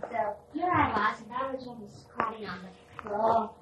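A woman from India, gently recounting spiritual memories with pauses and restarts. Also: a little high, muffled recording. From India (Pune). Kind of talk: reflective spiritual talk. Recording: echoey room, distant mic, background noise.

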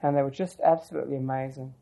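In a rough recording, a man tells a long personal story as an oral history interviewee, reflective and rambling, often restarting and going off on asides. His mid-range voice is gravelly and dark, steady in tone and quick-paced.

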